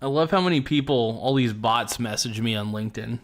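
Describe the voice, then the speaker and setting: A man's voice: medium pitch, brisk. Laid-back rambling man streaming live. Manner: rambling, laid-back, joking, many fillers. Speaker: show host. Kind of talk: casual livestream chat.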